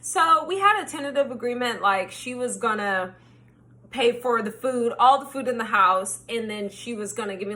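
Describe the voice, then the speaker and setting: A woman vlogger telling a storytime in casual chat, animated, swearing freely and acting out her own quotes. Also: a little high.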